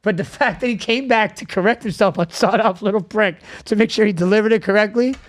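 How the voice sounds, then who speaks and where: A man hosting a casual podcast, telling animated stories and swearing freely. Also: sits high, quick pace, no room sound. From South Florida. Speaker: podcast host.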